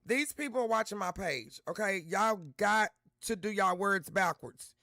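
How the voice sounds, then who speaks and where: A man hosting a livestream, talking straight to his chat viewers and repeating himself to make points clear. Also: sits high, lively intonation, measured pace, sharp tone, no room sound, studio quality. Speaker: livestream host.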